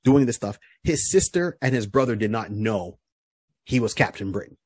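A man's voice: lowish voice, animated, normal speed, darkish tone, breathy edge, no echo, studio quality. A man co-hosting a podcast, casually recapping a comic book hero's story, rambling with lots of fillers and restarts. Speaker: podcast co-host.

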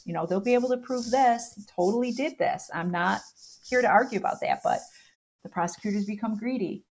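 A woman defense attorney speaks in a slightly low voice as a guest in an interview. She tells her story with animation, acting out the voices of the people she quotes and leaning on "you know".

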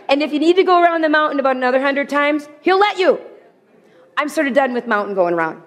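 A woman's voice: high-pitched, lively intonation, brisk. A middle-aged woman giving an earnest faith teaching to a group, acting out quoted speech in changing voices. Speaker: Bible teacher.

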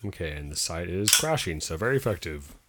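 A man's voice: low voice, sing-song, brisk, heavy background noise. A man, co-hosting a casual podcast chat and laughing often. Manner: laughs often, reads a comic aloud with voices. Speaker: podcast co-host.

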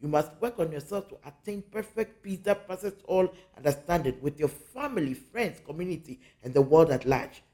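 Spiritual teacher from Africa, earnest, warm mellow tone, hammers key phrases home. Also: medium pitch, expressive, normal speed, few pauses.

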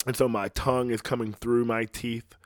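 A man's voice: mid-range voice, level tone, normal speed, dry recording, clean studio sound. A man with a slight lisp, hosting his own podcast in a casual, rambling solo monologue full of swearing. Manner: profane, rambling rant. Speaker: podcast host.

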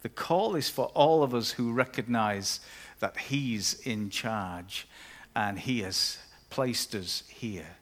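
A man's voice: lowish voice, slow pace, few pauses. A man preaching a sermon as pastor, conversational and with playful asides.

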